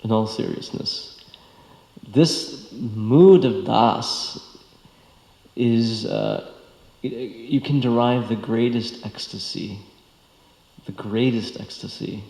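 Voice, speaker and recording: Recorded in a temple hall, a man delivers a devotional scripture lecture, speaking haltingly with many fillers and restarts. His medium-pitched voice is creaky and warm.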